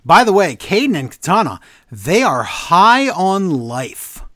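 A man's voice: sits high, sing-song, measured pace, fairly bright tone, no room sound, clean studio sound. A man co-hosting a podcast, recapping wrestling in casual chat with sarcastic, exasperated asides. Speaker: podcast co-host.

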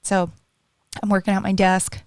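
A woman's voice: medium pitch, normal speed, smooth, no room sound, studio quality. A woman co-hosting a casual chat, telling stories animatedly and acting out what others said. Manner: chatty, animated storyteller who acts out quotes.

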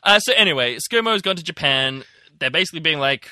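A young man co-hosts a news podcast in a loose, rambling way, leaning on "like" and wry asides. His voice is very bright and sharp. The sound is dry and close. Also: fairly high pitch, expressive, quick pace, dry recording. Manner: rambling, many likes, wry. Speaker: podcast co-host. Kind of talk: casual news chat.

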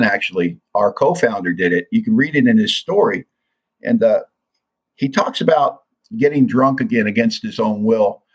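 Husky older man, earnest confessional talk. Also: mid-range voice, low-quality recording. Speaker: recovery speaker. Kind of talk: personal testimony talk.

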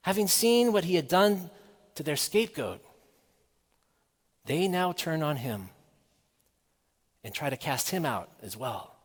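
Higher-voiced guy preaching a sermon, earnest and measured, big echoey church hall. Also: breathy edge. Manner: measured, earnest delivery with rhetorical questions.

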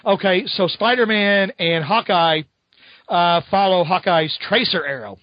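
A man's voice: high voice, unhurried, no room sound, muffled recording. A man co-hosting a podcast, casually recapping a comic book with rambling, amused storytelling. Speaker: podcast co-host.

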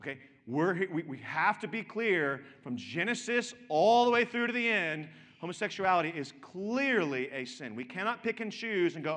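Male pastor mid-sermon, kinda high voice, hammers the same words over and over, keeps asking if you're with him. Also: expressive, moderate pace, fairly bright tone, long reverb tail. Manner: emphatic, repeats key words, asks the listeners direct questions.

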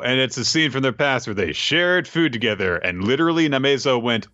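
A man's voice: mid-range voice, fairly quick, hardly any pauses, dry recording, lo-fi sound. A man co-hosting a podcast, casually recapping a manga chapter with lots of fillers and asides. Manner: animated, rambling, lots of fillers. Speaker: podcast co-host.

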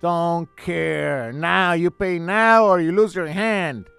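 A man's voice: on the high side, slow pace, vocal fry, a bit bright, clear, resonant tone, no echo, full character voice. A man in a comedic improv scene playing a blunt, impatient mob hitman who makes curt threats. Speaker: podcast co-host.

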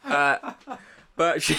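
A man, telling a story in casual comic chat, wry and self-deprecating, with deadpan quoted voices. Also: fairly high pitch, gravelly. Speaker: podcast co-host.

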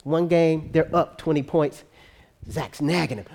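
An animated preacher telling a long story in a sermon, talking to the congregation in a loose, conversational way. The voice sits in an average pitch range and often drops lower and quieter during the telling. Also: moderate pace, vocal fry. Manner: conversational, animated, frequent tag questions.

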